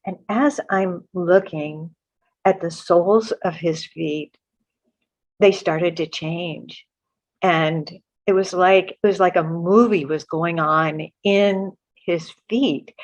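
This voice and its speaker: Earnest woman telling a spiritual story. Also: fairly low pitch. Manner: earnest, halting with many restarts. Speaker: guest author. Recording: muffled lo-fi audio.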